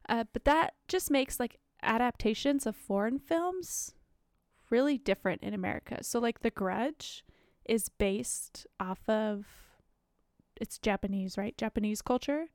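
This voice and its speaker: Her voice is a little high and a bit mellow, with lively intonation and an unhurried pace. A young woman co-hosting a podcast, she rambles casually with plenty of fillers while dealing with the hiccups, recorded in studio quality with no echo.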